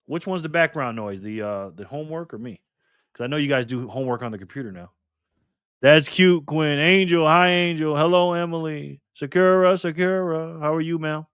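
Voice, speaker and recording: A man talks casually on a live stream, greeting viewers one by one and joking with them in a light, teasing way. His voice sits a bit high for a man. The sound is close and dry, with no room echo. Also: normal speed, a bit bright, smooth. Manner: playful, teasing, greets chatters by name.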